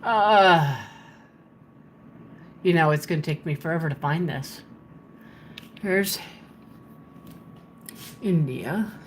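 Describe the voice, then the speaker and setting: A woman live-streaming from her home, talking slowly and casually into a phone held in her hand. She murmurs to herself as she hunts for places on a map, with a faint hiss behind her voice. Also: deep voice. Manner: chatty, muttering to herself while searching a map. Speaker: livestreamer. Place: at home, indoors. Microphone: handheld phone.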